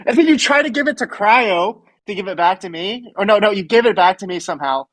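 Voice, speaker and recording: A man's voice: high voice, animated, quick pace, a bit bright, rough recording. A young man co-hosting a podcast in casual chat, laid-back and chuckling as he talks. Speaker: podcast co-host.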